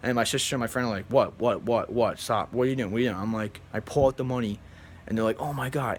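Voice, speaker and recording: A man vlogging, telling a story to his viewers in a rambling, animated way and flatly mimicking other people. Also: medium pitch, a little hiss or hum. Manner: animated, rambling, acts out others in flat mumbles. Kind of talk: casual storytelling to camera.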